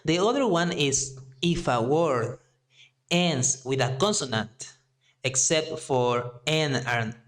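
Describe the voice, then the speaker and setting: A man with a Mexican Spanish accent gives a Spanish lesson in English. He talks slowly and deliberately, stretching out each example word, in a voice a little higher than most men's. His delivery is patient and methodical. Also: lively intonation, a bit bright. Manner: slow and deliberate, drawing out example words. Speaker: Spanish teacher. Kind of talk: language lesson.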